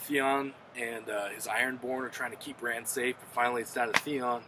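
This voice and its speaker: A man casually reviewing a TV episode, retelling the plot in an excited, profane, rambling way. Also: mid-range voice, moderate pace, background noise. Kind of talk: casual spoken recap and review.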